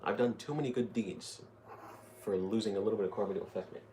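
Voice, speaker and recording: A man's voice: fairly low pitch, fast talker, mellow. A young man giving casual, rambling, joking commentary while playing a video game. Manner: jokey, rambling, thinking aloud. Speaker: gaming streamer. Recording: noisy game capture behind.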